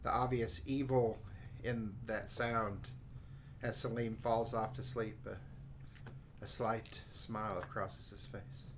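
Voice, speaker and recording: A man playing a tabletop game, talking haltingly with many fillers. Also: on the low side, steady tone, noisy background. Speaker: player.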